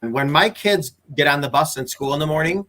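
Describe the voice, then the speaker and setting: A man guest coach explaining his views in an earnest, conversational way. His voice sits a little high for a man. He often trips and restarts mid-sentence as he works through a point. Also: brisk, sharp tone. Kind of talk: casual interview chat.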